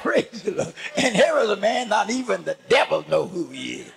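An older man preaching a fervent sermon as a bishop, punctuating his words with praise and shouted emphasis. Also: high voice, very animated, normal speed, vocal fry, hardly any pauses.

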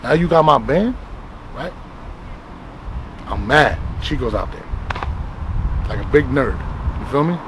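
A man's voice: mid-range voice, expressive, a little slow, long pauses, background noise. A man telling a heated story as an interview guest, emphatic and profane, checking in with "right?" as he goes. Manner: emphatic, profane, with repeated "right?" and "you feel me?" tags.

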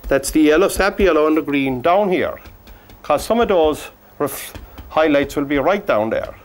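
A man teaching a painting demonstration, gently coaxing the brushstrokes as if talking to the paint. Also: fairly high pitch, lively intonation, normal speed. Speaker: painting instructor.

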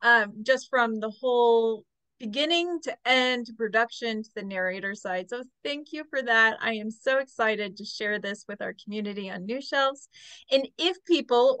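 A woman's voice: on the high side, normal speed, a bit bright, dry recording. A woman hosting a casual video call interview, upbeat and encouraging. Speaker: host.

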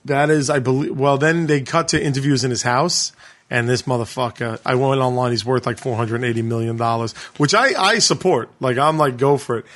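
A man co-hosting a podcast, retelling a documentary in casual chat, animated and full of profanity. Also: mid-range voice, a little fast. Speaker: podcast co-host.

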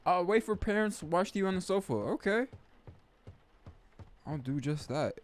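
A young man chats through a game in a loose, slangy way, calling everyone bro and man. His pitch swings widely, and he breaks into sudden loud bursts of excitement. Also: moderate pace. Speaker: gaming YouTuber. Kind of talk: casual let's-play commentary.

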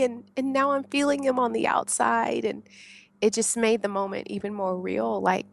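A woman from the United States, a podcast guest, tells her story in a casual, animated way. She laughs often and acts out what she shouted back then. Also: fairly high pitch, moderate pace, vocal fry.

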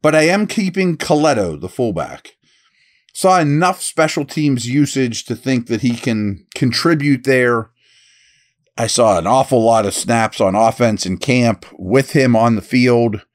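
A man hosting a sports podcast, talking through his picks at an easy conversational pace. He thinks aloud as he goes, with a few restarts along the way. His voice sits at an ordinary middle pitch for a man. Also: expressive, unhurried. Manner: upbeat read of a sponsor ad. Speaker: podcast host and football scout. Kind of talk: solo sports analysis podcast.

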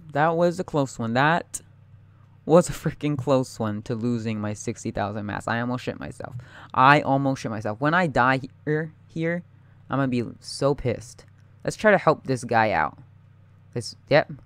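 A young man giving live gameplay commentary, excitable and panicky, talking straight to his viewers. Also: fairly high pitch, moderate pace, clear, resonant tone, no echo. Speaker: gaming YouTuber.

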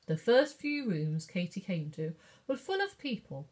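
A woman's voice: fairly low pitch, very animated, measured pace, darkish tone. A woman librarian reading a picture book aloud at story time.

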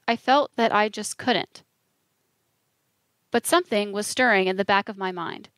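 A woman narrating a first-person audiobook in a measured, earnest storytelling manner. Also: medium pitch, fairly bright tone, no room sound, studio quality.

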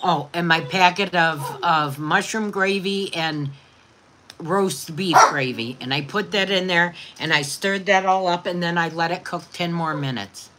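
A woman's voice: fairly low pitch, a little slow, very noisy. A woman hosting a casual livestream, chatting affectionately with viewers and explaining a recipe. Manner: affectionate, reads viewer comments aloud. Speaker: livestream host.

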